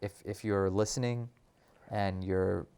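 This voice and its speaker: A man, an actor being interviewed, talking in a relaxed, thoughtful way with many "like"s. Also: low voice, slow, gravelly, clear, resonant tone. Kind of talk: casual interview chat.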